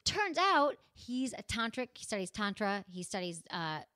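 A woman's voice: mid-range voice, big pitch swings, measured pace, bright, forceful tone, no echo, studio quality. A woman in her thirties, a podcast host, telling a story in casual chat and acting out the quotes.

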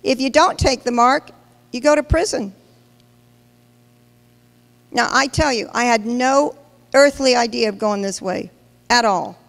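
A woman's voice: a little high, a little slow, vocal fry, pauses often. A woman pastor preaching a sermon, emphatic and questioning the congregation directly. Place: large church hall. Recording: long hall reverb.

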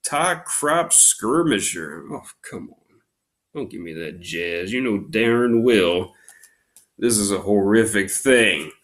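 A man hosting a casual unboxing video who gripes in mock outrage and breaks into loud exclamations. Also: fairly low pitch, lively intonation, slow. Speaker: YouTube unboxing host.

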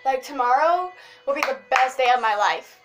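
A young woman chatting excitedly in a casual vlog, rambling with lots of fillers. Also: high voice, moderate pace. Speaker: vlogger. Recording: music playing behind.

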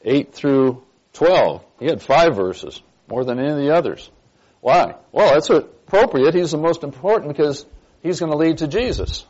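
A man's voice: on the high side, animated, normal speed, a little mellow. A man teaching a church Bible class, stressing key points and quizzing his listeners with questions. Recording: dull lo-fi recording.

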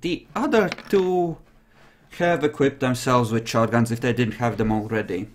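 A young man narrating a tabletop role-playing game as game master, lively and quick to laugh. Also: mid-range voice, a little hiss or hum.

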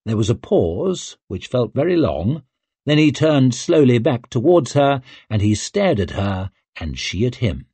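A man reading an audiobook in a measured, expressive way, close to the mic. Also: medium pitch, husky, no echo. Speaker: audiobook narrator. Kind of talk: scripted narration.

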